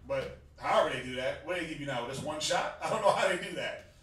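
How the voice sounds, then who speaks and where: A Southern US man with a fairly high voice teaches a religious class in a loose, joking, conversational way. He laughs often and drops into slang. He is picked up from across a very echoey room by a distant mic, with faint hiss behind him. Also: expressive, fast talker, a bit bright. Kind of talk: casual sermon-style class teaching.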